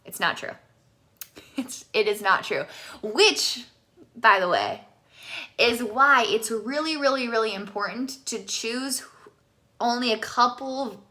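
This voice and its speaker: A woman singing teacher giving a casual live vocal lesson, chatty and quick to laugh, with allergies. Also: a little high, expressive, pushed and bright. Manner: chatty, laughs often, switches between speaking and singing. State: allergies, sneezing.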